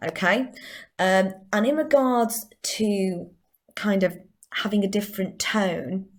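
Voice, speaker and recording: Speaking slowly at a medium pitch, a Northern English woman who teaches drama walks through a chatty recorded lesson one step at a time.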